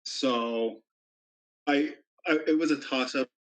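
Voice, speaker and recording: A man talking to his tabletop group in a halting, measured way. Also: medium pitch, a bit bright, poor audio. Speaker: tabletop game player. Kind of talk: casual chat between players.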